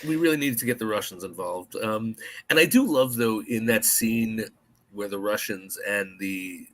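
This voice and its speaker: Animated American man chatting about a film. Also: lowish voice, moderate pace. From United States. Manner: animated, puts on mock voices in quotes. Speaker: podcast co-host. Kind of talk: casual chat about a film.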